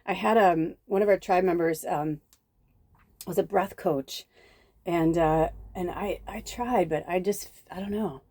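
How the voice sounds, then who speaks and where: A woman's voice: on the low side, measured pace, a little mellow, no room sound. Chatty woman reading tarot cards. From south suburbs of Chicago. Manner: chatty, easily distracted, breaks into whispers. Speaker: tarot reader and medium. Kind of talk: casual spiritual card reading.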